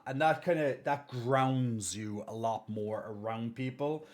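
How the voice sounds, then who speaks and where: A man's voice: mid-range voice, fairly even intonation, a little slow, hardly any pauses. A man live-streaming, chatting casually and reassuring viewers as he reads their messages and thanks subscribers.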